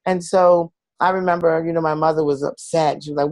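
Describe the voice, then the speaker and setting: A man's voice: fairly high pitch, fairly even intonation, a little fast, dry recording. Earnest man telling his story, dry sound. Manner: earnest, confessional, acts out quoted voices. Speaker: guest. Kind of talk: personal storytelling in an interview.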